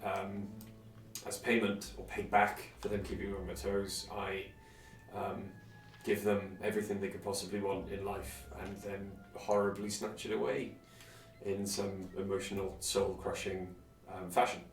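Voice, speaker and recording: A man talking casually over a game stream, rambling along with lots of ums and joking about himself. His voice sounds roomy and held back from the mic, with soft game music behind him. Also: sits low, flat delivery, moderate pace, distant mic. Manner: rambling, many fillers, self-deprecating. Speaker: game streamer and dungeon master. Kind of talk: casual let's-play chat.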